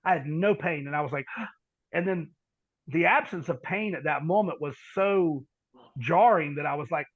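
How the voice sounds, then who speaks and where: A middle-aged man telling a long personal story on a podcast, halting and repeating words, then dropping into quiet asides. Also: a little high, slightly rough, dry recording, muffled recording. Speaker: podcast guest. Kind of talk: storytelling in conversation.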